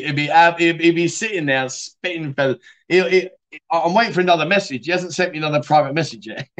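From a bar city in Thailand, a male livestream host keeps things casual, laughing and teasing his audience as he goes through comments. He has a fairly bright, somewhat high voice.

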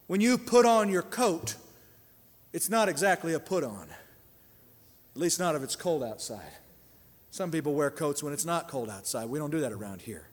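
A man preaching a sermon as pastor, emphatic and building to loud prayer. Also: fairly high pitch, lively intonation, moderate pace, long pauses, big-room sound.

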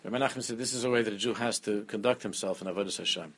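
A man giving a lively Torah class, often repeating phrases and mixing Hebrew terms into his English. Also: lowish voice, racing, slight background noise. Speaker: rabbi teaching a class.

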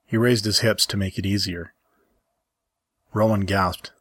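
Low husky male story reader. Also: steady tone, unhurried, fairly bright tone, no echo. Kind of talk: narrated story reading.

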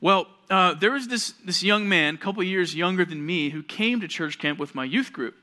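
Bright-voiced young male youth pastor. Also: high voice, normal speed. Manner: animated storytelling that acts out quoted voices. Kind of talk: sermon to junior high students.

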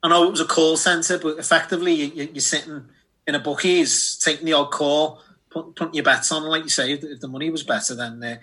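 A man, telling a sweary, animated story in a casual chat. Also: a little high, fast talker, breathy edge. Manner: animated, sweary, acts out voices in anecdotes. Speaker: podcast co-host.

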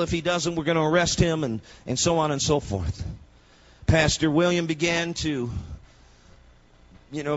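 A man preaching a sermon with passion and telling stories, sometimes breaking into shouts. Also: a little high, lo-fi sound. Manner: impassioned, rising to shouts.

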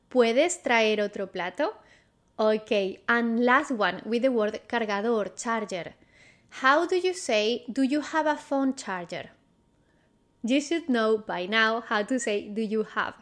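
A woman leads a vocabulary lesson, saying each word more than once and pausing for the listener to answer. Her voice sits a little high, and she takes her time over every word. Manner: repeats each word, quizzes the listener, patient and encouraging. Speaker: Spanish teacher. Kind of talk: slow, clear vocabulary lesson.

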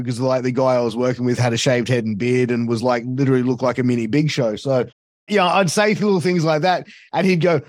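A man's voice: mid-range voice, steady tone, a little mellow, dry recording, studio quality. A man, a guest telling stories in casual chat, swearing freely and piling on fillers. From Australia. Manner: swears freely, fast storytelling with many fillers. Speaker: podcast guest, wrestling commentator.

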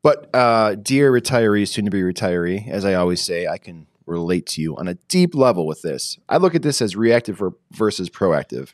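A man co-hosting a podcast, his lowish voice swinging up and down as he tells self-mocking stories. The sound is close and dry, with no room around it. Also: moderate pace, hardly any pauses, dry recording. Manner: animated, self-mocking storyteller. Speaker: podcast co-host. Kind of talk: casual chat.

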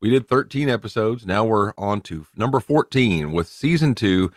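A man with a Southern US accent, co-hosting a podcast with a low, deep voice. He talks in a playful, teasing way. The recording is dry and close. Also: lively intonation, normal speed, no echo. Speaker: podcast co-host. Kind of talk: casual podcast chat.

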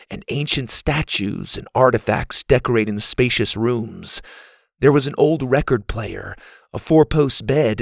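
A man with a husky, gravelly voice narrating a children's adventure story in an animated, expressive way. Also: medium pitch, no room sound. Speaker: audiobook narrator.

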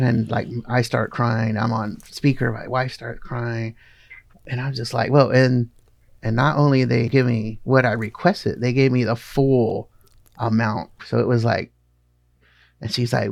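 Gravelly man, middle-aged, earnest casual storytelling, dry close sound. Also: medium pitch, fairly even intonation, moderate pace, no room sound. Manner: earnest, conversational, laughs now and then. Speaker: guest artist.

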